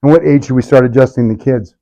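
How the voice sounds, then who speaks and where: A man's voice: medium pitch, steady tone, quick pace, warm tone, lo-fi sound. A middle-aged man, a chiropractor, leading a live workshop with punchy talk, sarcastic asides and constant rhetorical questions.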